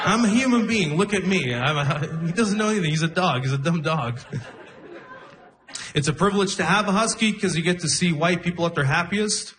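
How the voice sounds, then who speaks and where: A young man doing a stand-up comedy set, telling stories deadpan, laughing at his own lines and acting out other people. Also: high-pitched, fairly quick, noisy background. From immigrant to Canada. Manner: deadpan storytelling, breaks into laughter, acts out voices. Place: comedy club stage with audience.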